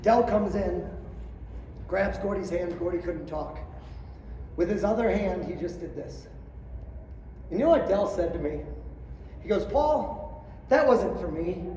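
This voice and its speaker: Middle-aged male clinic speaker, high voice, storytelling talk heard from a distance in a big room. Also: animated, unhurried, pauses often, a little hiss or hum. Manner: storytelling, acting out quotes, swings from quiet to shouting. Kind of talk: motivational speech to coaches. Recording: roomy hall, distant mic, faint ambience.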